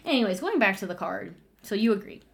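Woman, casual co-host, animated, thinks out loud. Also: mid-range voice, fast, gravelly, breathy edge. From United States. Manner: animated, thinks aloud with restarts and laughs. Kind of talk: casual chat.

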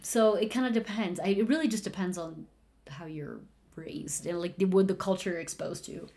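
A woman in casual conversation, talking through her opinions with restarts and quick laughs. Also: fairly low pitch. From United States. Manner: animated, thinks aloud with restarts and laughs. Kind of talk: casual chat.

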